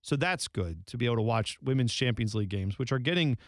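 A man co-hosting a podcast, chatting about soccer in a relaxed, wry way. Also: medium pitch, quick pace, dry recording, studio quality. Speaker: podcast co-host. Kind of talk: casual chat.

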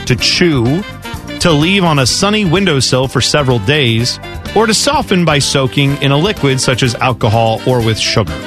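A man co-hosting a sports radio show, bantering, ranting fast and reading quiz questions. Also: medium pitch, over music. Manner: animated, ranting, fast asides. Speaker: radio co-host.

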